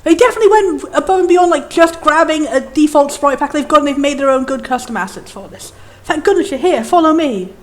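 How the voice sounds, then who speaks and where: A woman's voice: high-pitched, fast, few pauses, slight background noise. A young woman giving chatty, enthusiastic and opinionated commentary as she plays a game. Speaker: let's play host.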